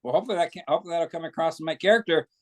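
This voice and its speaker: A man's voice: fairly high pitch, rapid-fire. A man, a guest actor, chatting casually in an interview and telling long anecdotes.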